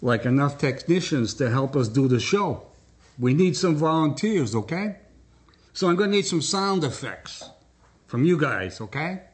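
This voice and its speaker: A man's voice: fairly high pitch, expressive, a little slow. A man hosting a live stage show, joking and coaxing the audience along. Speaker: host. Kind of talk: comic stage patter.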